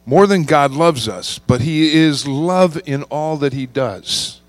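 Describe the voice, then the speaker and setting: A man preaching a sermon, reading scripture and slowing down to stress key words. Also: on the high side, expressive, no room sound. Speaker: pastor.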